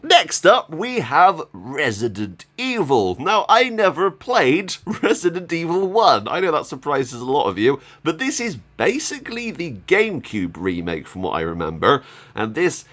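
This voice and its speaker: A man chats through a game haul in a casual vlog. His voice is lively and swings widely in pitch, and he breaks into laughs often. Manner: chatty, enthusiastic, laughs often. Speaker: gaming YouTuber.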